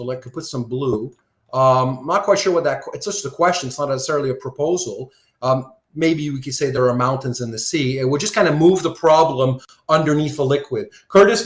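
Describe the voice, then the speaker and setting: Heard in a reverberant space, a man with a fairly high voice gives a live online philosophy lecture from Surrey, Canada. His manner is casual and chatty; he reads student comments aloud and checks in with "right?" after nearly every point.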